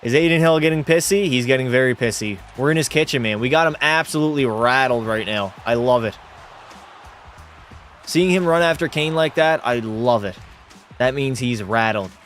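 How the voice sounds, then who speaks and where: A man's voice: mid-range voice, moderate pace, a bit bright, soft background music. A man hosting a livestream watch party, giving casual commentary and joking, swearing, and bantering with his chat. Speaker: livestream host.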